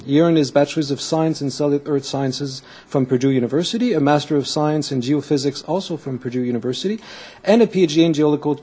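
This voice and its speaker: A man's voice: a little high, a little mellow, breathy edge. A man acting as event host, giving an enthusiastic formal introduction and stumbling over names now and then.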